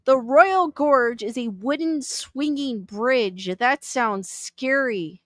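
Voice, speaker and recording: Bright-voiced woman chatting with viewers. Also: sits high, slow, no room sound, studio quality. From Southern California. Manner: chatty, laughs often, thinks aloud with fillers. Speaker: livestream host reading chat. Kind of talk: casual live chat.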